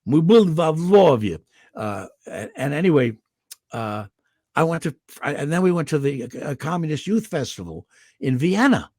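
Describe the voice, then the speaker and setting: An older man from Indiana, a guest voice actor telling animated stories about his life on a video call. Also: a little high, moderate pace, no echo, studio quality. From Indiana, USA. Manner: animated storyteller, slips into character voices for quotes. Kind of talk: anecdotal storytelling.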